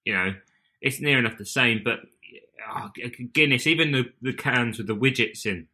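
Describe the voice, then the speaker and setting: Male podcast host, punchy bright tone, chatty banter. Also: medium pitch, moderate pace. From United Kingdom. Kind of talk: casual chat.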